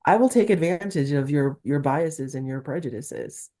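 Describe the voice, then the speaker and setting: A woman's voice: deep voice, moderate pace, mellow. A middle-aged woman from Newark, a talent agent, talking candidly in an interview with a Valley-girl-like, emphatic delivery. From Newark, New Jersey, USA.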